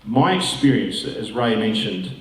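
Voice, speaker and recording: A man's voice: on the low side, lively intonation, measured pace. A man, a pastor giving a conversational talk with musing asides. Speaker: pastor and guest speaker. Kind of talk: informal talk to an audience. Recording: roomy hall, distant mic.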